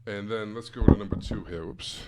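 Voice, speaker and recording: Blunt low-voiced male sales coach. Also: brisk, a crowd in the background. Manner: blunt, emphatic, casual with frequent asides. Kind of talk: live-streamed coaching talk.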